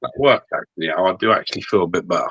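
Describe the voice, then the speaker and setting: A man's voice: deep voice, lively intonation, rapid-fire, fairly bright tone, breathy edge, no echo, highs cut off. A man co-hosting a podcast in casual chat, blunt and swearing freely. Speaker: podcast co-host.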